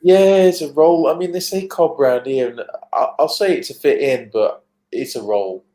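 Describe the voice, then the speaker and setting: A man's voice: on the high side, moderate pace, dark tone, low-quality recording. A man from England chatting easily as a guest on a livestream, joking about himself. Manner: easygoing, self-deprecating. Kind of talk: casual chat.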